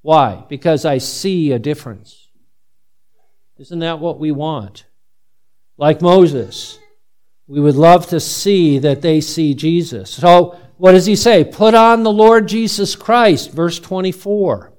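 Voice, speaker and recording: Middle-aged male pastor, lively sermon delivery, questions the congregation, slightly high voice. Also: slow pace. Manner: animated, asks the congregation many questions.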